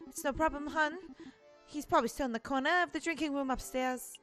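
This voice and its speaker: A woman's voice: sits high, fast talker, fairly bright tone, faint music behind, voice pushed up. A woman voicing a chatty middle-aged female bird who keeps a student tavern, in a put-on folksy accent. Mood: friendly. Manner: folksy, calls people hun, put-on accent.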